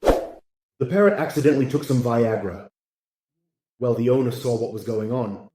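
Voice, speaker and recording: A man reading a string of short jokes aloud in a flat, scripted way. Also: mid-range voice, normal speed, reverberant, heavy background noise. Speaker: joke narrator.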